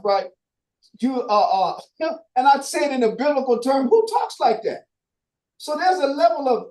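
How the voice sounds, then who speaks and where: A man's voice: very high-pitched, warm tone, reverberant, poor audio. A man teaching a Bible study, talking casually with slang, swearing and many rhetorical questions to his listeners. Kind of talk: informal preaching Q&A.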